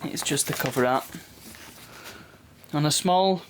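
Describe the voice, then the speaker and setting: A man's voice: a little high, a little slow, slight background noise. A man casually chatting through an unboxing, rambling off on asides and chuckling at his own remarks. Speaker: unboxing video host.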